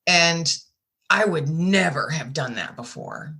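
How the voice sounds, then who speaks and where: Bright-voiced woman, candid podcast guest. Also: deep voice, expressive, slow. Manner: plainspoken, candid, folksy. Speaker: guest author. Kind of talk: podcast interview.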